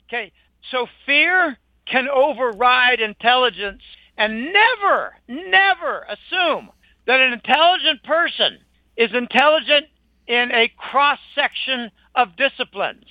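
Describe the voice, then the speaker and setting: High-voiced, indignant older man. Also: expressive, a little slow, dry recording. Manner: emphatic, indignant, scornful. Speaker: interview guest. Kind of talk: opinionated conversational monologue. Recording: dull lo-fi dry recording.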